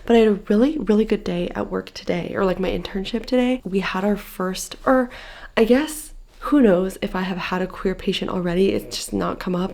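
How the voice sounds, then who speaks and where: A young woman talks casually and tiredly from her bedroom, in a book vlog full of chatty fillers. Her voice has a gravelly, creaky edge, sitting at an ordinary middle pitch. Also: brisk, a little mellow. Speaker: book vlogger.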